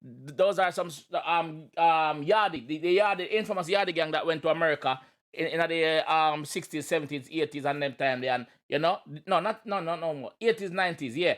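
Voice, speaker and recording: A man with a Jamaican accent giving casual, animated reaction commentary, exclaiming and explaining lyrics. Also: on the high side, brisk. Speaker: reaction video host.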